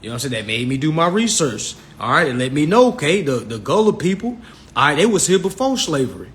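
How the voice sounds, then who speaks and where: A man talking casually to a live audience, animated and loose. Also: fast talker. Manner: animated, shouts quoted voices in a high squeal. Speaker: Instagram live host.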